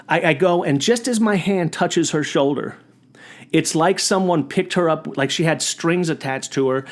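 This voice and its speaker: A male podcast host with a medium-pitched voice tells a personal story in monologue form. He's animated and frequently restarts his sentences.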